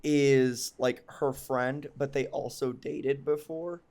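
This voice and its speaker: A man's voice: mid-range voice, fairly even intonation, takes it slowly, a little mellow. A young man telling a long personal story on a podcast, casual and rambling, full of ums and likes, and often mocking himself. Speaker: podcast co-host.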